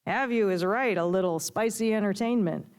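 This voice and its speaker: A woman's voice: mid-range voice, normal speed, darkish tone, clean tone, lightly acted. A woman reading aloud, voicing a crude, joking woman sitting in a bar booth. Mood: bawdy.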